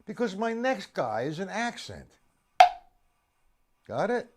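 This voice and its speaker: A man teaching drums on a live stream, his voice lively and swinging widely up and down. He is animated, teases his students, and keeps quizzing them by name. He sits a little high for a man. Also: slow pace, pauses often. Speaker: drum teacher. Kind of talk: live-streamed drum lesson.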